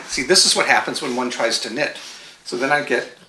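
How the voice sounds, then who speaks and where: A man's voice: mid-range voice, quick pace, roomy sound, background noise. A man hosting a home knitting show, chatting casually and digressively to the camera and breaking off to talk to his dogs.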